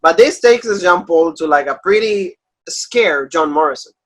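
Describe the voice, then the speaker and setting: A man's voice: on the high side, lively intonation, moderate pace, crowd noise. A man co-hosting a wrestling podcast in casual chat, rambling with lots of filler words. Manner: rambling, many "like" and "you know" fillers.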